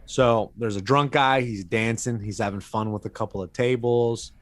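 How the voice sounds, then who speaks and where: A man's voice: medium pitch, fairly even intonation, normal speed, dry recording. A man with a mid-range voice recounts a fight video step by step on a casual chat show, swearing casually. His voice is recorded dry and close, with little room sound. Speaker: podcast co-host.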